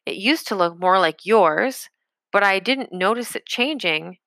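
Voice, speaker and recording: A woman's voice: mid-range voice, expressive, a little slow, a bit bright, dry recording. A woman reading aloud, voicing a frightened, timid young boy with an anxious, subdued manner.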